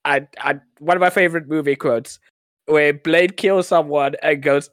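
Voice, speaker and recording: A man's voice: fairly high pitch, steady tone, moderate pace, a bit bright, dry recording. A man co-hosting a podcast in casual chat, enthusiastic and gushing, laughing often. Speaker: podcast co-host.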